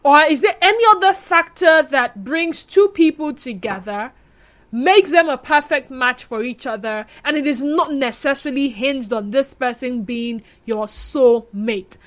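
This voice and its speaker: A Nigerian woman hosting a radio talk show from a studio, talking in a chatty, expressive way and acting out little scenes as she speaks. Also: high voice, a little slow. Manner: chatty and expressive, acts out scenes and laughs at herself. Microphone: studio microphone.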